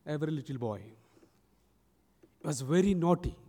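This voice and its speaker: A man's voice: a little high, animated, moderate pace, mellow. A man preaching a sermon, telling a story and acting out its people. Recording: long church reverb.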